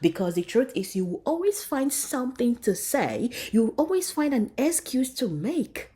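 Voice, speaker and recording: A woman's voice: fairly high pitch, very animated, normal speed, mellow, husky. A woman vlogger giving an emotional commentary, speaking emphatically and preachily and blessing her viewers directly.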